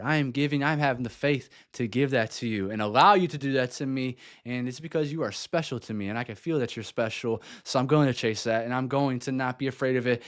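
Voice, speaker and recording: A man's voice: mid-range voice, brisk, few pauses, fairly bright tone. A man hosting a music reaction video, talking enthusiastically and casually, thinking aloud with fillers.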